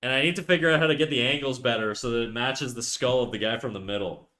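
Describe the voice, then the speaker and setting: A man's voice: medium pitch, quick pace, pushed and bright. A man in his twenties with a French-Canadian accent, chatting casually and rambling while he draws on a livestream, swearing freely. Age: 20s. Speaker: livestreaming artist.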